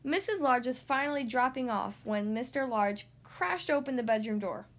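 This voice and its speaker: A woman reading a children's picture book aloud, in an expressive, animated way. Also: on the high side, moderate pace. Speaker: reader.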